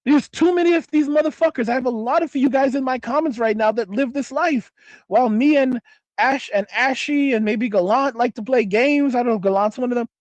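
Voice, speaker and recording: A man's voice: very high voice, a little mellow, no echo, muffled recording. Foul-mouthed man ranting in mock outrage. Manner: mock-outraged, heavy swearing, repetitive emphasis. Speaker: livestream host. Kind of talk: profane late-night rant.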